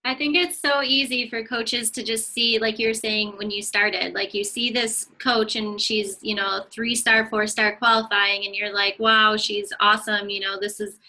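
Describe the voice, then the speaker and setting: A woman hosting a casual interview, encouraging and talking in long quick runs. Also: on the high side, fairly even intonation, bright, forceful tone, poor audio. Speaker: host.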